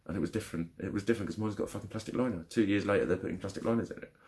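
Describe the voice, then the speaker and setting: A man's voice: sits low, rapid-fire, a little mellow. A young man venting angrily in a personal vlog, swearing heavily and retelling a frustrating phone call. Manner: angry, frustrated, heavy swearing. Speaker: vlogger. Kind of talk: ranting vlog.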